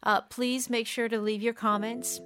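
Slightly high-voiced woman teaching English. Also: little pitch movement, moderate pace, a bit bright, soft background music. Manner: explains patiently, mimics intonation. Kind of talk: casual radio English lesson.

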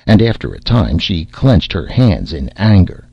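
A man narrating an old fairy tale in a measured storytelling manner. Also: sits low, sing-song, creaky, slightly rough, no echo. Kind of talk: audiobook narration. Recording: slightly dull lo-fi audio.

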